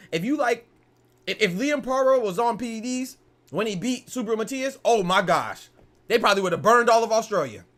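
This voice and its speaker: A young man with a high voice hosts a casual boxing podcast, talking in a heated, animated way. He peppers his lines with "bro" and profanity.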